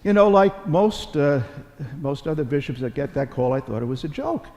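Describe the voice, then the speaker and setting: A man's voice: a little high, lively intonation, normal speed, warm tone, dull audio. A middle-aged man, a Catholic bishop, giving a conversational homily at Mass with folksy storytelling, repeating phrases and joking at his own expense. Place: large church. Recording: long church reverb.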